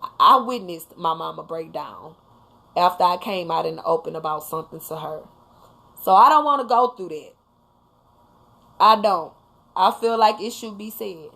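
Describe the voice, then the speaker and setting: A woman's voice: on the low side, animated, moderate pace, gravelly, pauses often, bright, forceful tone. A mother hosting a casual live talk, speaking emphatically and bluntly to her viewers, now and then swearing. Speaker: livestream host talking to viewers.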